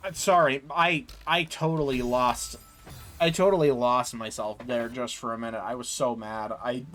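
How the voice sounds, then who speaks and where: A man's voice: mid-range voice, fairly even intonation, normal speed, fairly bright tone. A young man streaming a game, ranting in frustration and repeating himself as he plays. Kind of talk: gameplay commentary.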